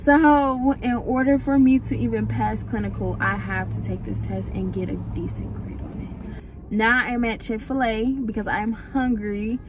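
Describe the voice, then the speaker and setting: A woman's voice: on the high side, fairly even intonation, a little slow, background noise. A woman in her twenties, an x-ray student, chatting casually to her viewers in a vlog, calling them "y'all.". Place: out and about, car, shops, home.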